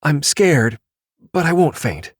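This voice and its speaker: A frightened pregnant young woman speaks in anxious, pleading bursts, as a male audiobook narrator lifts his low voice to play her. The recording is dry and close. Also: very animated, takes it slowly, slightly rough, no room sound, exaggerated voice. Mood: shaken. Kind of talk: audiobook dialogue.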